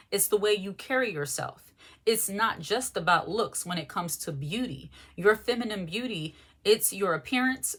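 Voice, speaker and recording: A woman's voice: medium pitch, fairly bright tone, slightly rough. A woman vlogger giving frank, emphatic advice in a loose, conversational monologue. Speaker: lifestyle vlogger. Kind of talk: candid monologue to camera.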